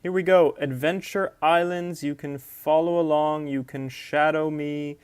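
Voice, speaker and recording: A man teaching English, slowly and patiently walking students through a textbook lesson and modeling how words are stressed. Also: on the high side, steady tone, smooth, no echo. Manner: slow, patient explaining, modeling word stress. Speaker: ESL teacher.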